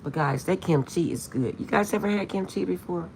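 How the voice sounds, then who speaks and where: A woman's voice: lowish voice, brisk, darkish tone, slight background noise. A woman vlogger chatting casually to her viewers, telling a funny story with lots of laughter and insisting she is serious.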